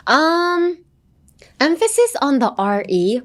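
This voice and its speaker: A woman's voice: medium pitch, moderate pace. A woman hosting a podcast English lesson, playful and teasing, slipping between English and Japanese. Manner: playful, teasing, laughs often. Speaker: English teacher host.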